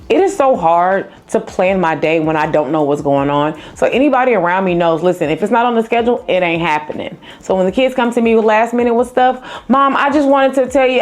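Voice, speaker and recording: Mãe de cinco em vlog, voz grave, conversa animada, conselhos para a câmera, música leve por baixo. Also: female voice, fairly low pitch. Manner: chatty, animated, repeats reassurances. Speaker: vlogger and mother of five. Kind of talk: casual advice talk to camera.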